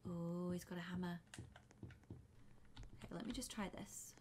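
A young woman giving flustered, excitable commentary while playing a game, often breaking into screams. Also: lowish voice, moderate pace, background noise. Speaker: gaming YouTuber. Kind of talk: let's play commentary.

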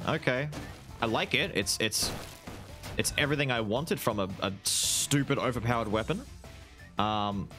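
A young man giving excited commentary over his own gameplay, exclaiming often and calling the listener "dude". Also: medium pitch. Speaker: gaming video host.

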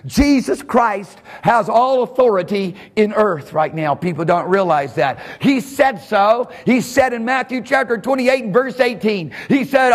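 A male pastor preaching a sermon at a church service. He preaches fervently, jumps from sudden shouts to a low, quiet voice, and chuckles between phrases. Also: lively intonation, unhurried, hardly any pauses, long reverb tail.

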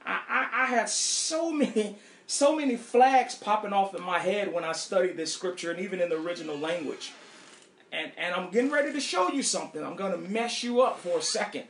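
A woman pastor teaching a Bible study in an animated way, asking rhetorical questions and spelling out words. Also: medium pitch, fairly quick, roomy sound, a little hiss or hum.

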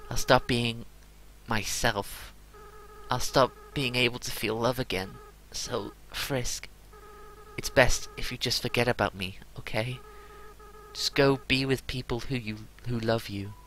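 A man reading aloud the lines of a remorseful young goat monster boy, in a soft, earnest, apologetic way. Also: medium pitch, steady tone, measured pace, slight background noise, rough recording. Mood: farewell. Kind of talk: reading game dialogue aloud.

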